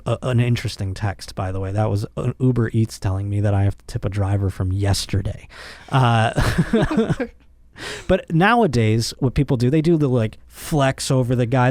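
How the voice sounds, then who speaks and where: A man's voice: no room sound, clean studio sound. A man hosting a comedy podcast, ranting and joking crudely, his voice jumping up when he gets worked up. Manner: animated, crude, jokey, voice jumps high when worked up. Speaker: podcast host. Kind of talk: casual comedic rant.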